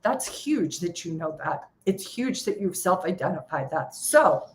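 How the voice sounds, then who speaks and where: A woman's voice: fairly low pitch, sing-song, measured pace. A middle-aged woman coaching traders live. She talks with energy and emphasis, and now and then acts out the voices in their heads. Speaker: trading coach.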